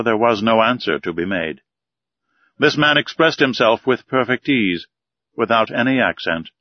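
A man narrates an old adventure novel in a steady, measured storytelling voice. The sound is close and dry, with a slightly dull, muffled top end. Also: medium pitch, dry recording. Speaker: audiobook narrator. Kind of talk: scripted narration of a classic novel.

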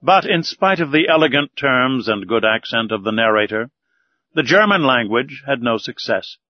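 A man narrating a classic novel aloud in a measured, deliberate reading. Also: medium pitch, animated, dry recording. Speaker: audiobook narrator. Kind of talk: scripted narration. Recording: dull, lo-fi recording.

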